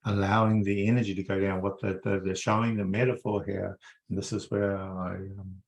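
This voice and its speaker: Energy healer guiding a group meditation; low gravelly male voice, soothing, repetitive coaxing. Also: flat delivery, fairly quick, lo-fi sound. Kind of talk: guided healing meditation.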